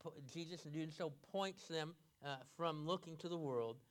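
A male pastor preaching an expository sermon, halting with many fillers and restarts. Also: fairly high pitch.

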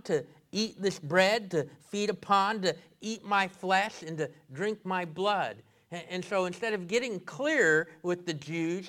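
A male pastor preaching an expository sermon, halting with many fillers and restarts. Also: high-pitched, fairly bright tone.

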